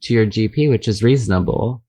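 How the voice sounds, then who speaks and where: A man who works as an emergency vet, talking as a podcast guest, blunt and quick to laugh. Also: lowish voice, dark tone. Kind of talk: casual chat.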